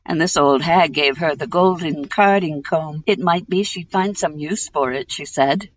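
A woman host reading a fairy tale aloud in a measured, unhurried storytelling manner. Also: low voice, slight background noise. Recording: dull lo-fi recording.

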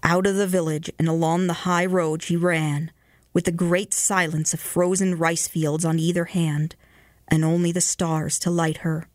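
A woman radio host reading ghost stories aloud in a measured way, slowing and hushing for the eerie parts. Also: lowish voice, level tone, no room sound, clean studio sound. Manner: measured, slows and hushes for eerie moments.

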